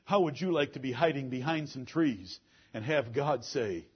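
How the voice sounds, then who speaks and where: A man preaching a fiery sermon, swinging from loud emphatic declarations to low, intense talk. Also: lively intonation, normal speed, slightly rough. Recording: muffled lo-fi sermon recording.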